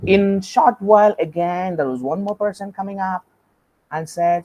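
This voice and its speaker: A man's voice: moderate pace, slight background noise, low-quality recording. A man giving an online lecture, telling a story and acting out its characters. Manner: animated, acts out story characters with big pitch swings. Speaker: guest lecturer.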